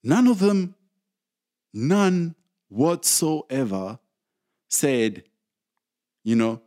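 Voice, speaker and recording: A South African man ranting in casual commentary, angry and emphatic, with many restarts, loud outbursts and low mutters. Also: sing-song, drawn-out words, long pauses.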